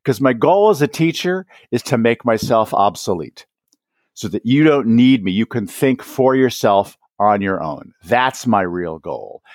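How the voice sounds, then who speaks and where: A man as a guest on an education podcast, explaining his ideas and acting out quick exchanges between teachers and students. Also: medium pitch, dry recording, clean studio sound. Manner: animated, acts out teachers and students in quick asides. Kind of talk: podcast interview.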